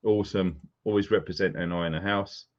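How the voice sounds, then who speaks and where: A man's voice: low-pitched, fairly even intonation, brisk. Chatty man, lo-fi sound. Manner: chatty, greeting viewers by name. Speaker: live stream host. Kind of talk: casual live-stream chat. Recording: dull lo-fi sound.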